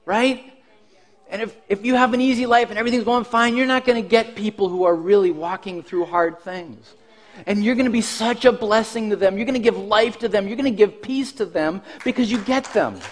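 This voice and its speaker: Man, pastor, high voice, sermon storytelling, animated, self-mocking, laughing while telling. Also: fairly quick.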